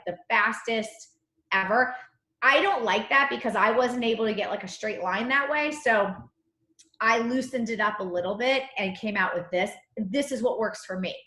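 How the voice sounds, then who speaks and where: A woman's voice: mid-range voice, sharp tone. A woman teaching a live online cookie decorating class, chatty and bubbly, with a slight cough. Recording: echoey room.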